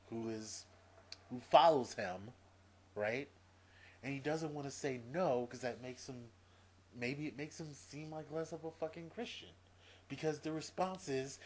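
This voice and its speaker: A man's voice: expressive, unhurried. A man venting to camera in a profane opinion rant, exasperated and repeating his points. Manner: exasperated, profane, repeats himself, swings from low mutter to loud. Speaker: video blogger.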